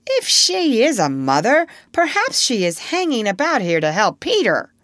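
A woman's voice: very high-pitched, huge pitch swings, moderate pace, no room sound, clean studio sound, voice pushed up, full character voice. A woman voicing a suspicious male pirate crewman in a storybook reading, wary and raised.

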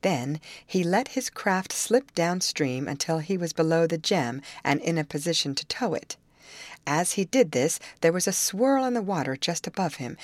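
A woman narrating a storybook with an expressive, varied delivery. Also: lowish voice, no echo. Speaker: audiobook narrator.

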